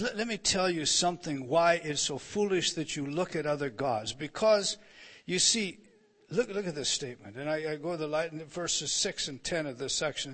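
Emphatic preacher man, slightly high voice. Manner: builds to loud emphatic proclamation, repeats words; stammering restarts, asks the audience questions. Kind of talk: sermon.

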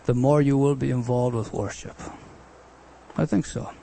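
A man's voice: medium pitch, fairly even intonation, moderate pace, gravelly, mellow, slight background noise. A man preaching in a conversational teaching style, often restarting phrases and pressing words for emphasis. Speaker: pastor teaching a Bible study. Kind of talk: expository sermon teaching.

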